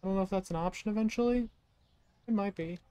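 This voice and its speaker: A woman's voice: mid-range voice, fast talker, warm tone, smooth. A woman streamer giving casual let's-play commentary, cracking jokes and talking to the customers in the game. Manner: joking, chatty asides to game customers. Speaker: gaming streamer.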